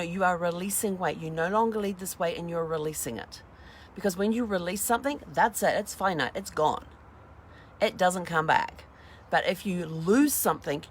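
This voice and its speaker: A woman's voice: on the low side, a little hiss or hum. A middle-aged woman hosting a casual motivational talk, chatty and acting out little dialogues as she goes. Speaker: host.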